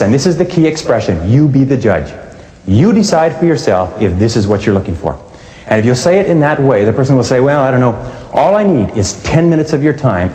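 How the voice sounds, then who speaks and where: A man's voice: mid-range voice, a little mellow. A man giving a sales training lecture, speaking emphatically and acting out both sides of phone calls. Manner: emphatic, acts out phone dialogues. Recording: echoey hall with long reverb.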